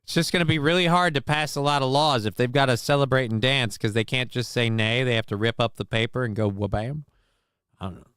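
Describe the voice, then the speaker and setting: A man's voice: mid-range voice, a little fast, a bit bright, clear, resonant tone, dry recording. A man hosting a casual live-stream talk show, rambling and sardonic with many fillers and restarts, on a close mic.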